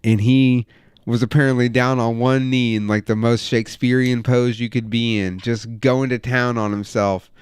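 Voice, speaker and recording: A man's voice: mid-range voice, normal speed, clear, resonant tone, dry recording, studio quality. A man in his thirties telling a wild, profane story in casual chat as a podcast host. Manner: profane, animated anecdote telling.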